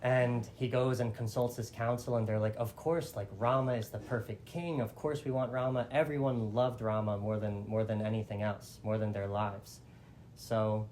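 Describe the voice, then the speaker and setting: A man's voice: fairly low pitch, darkish tone, a little hiss or hum. A man telling an old epic in a casual, chatty way, full of fillers like "like" and small restarts. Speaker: storyteller. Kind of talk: casual oral storytelling.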